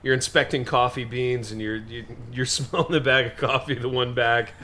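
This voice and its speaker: A man co-hosting a comedic talk show, speaking with theatrical, mock-grave indignation. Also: moderate pace. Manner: theatrical, mock-grave, animated pitch swings. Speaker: podcast co-host.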